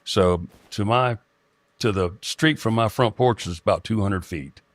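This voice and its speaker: Middle-aged man, deep dry voice, halting storyteller full of restarts. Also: no echo. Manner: halting, with frequent restarts and fillers. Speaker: guest telling a personal experience. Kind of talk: rambling first-person storytelling.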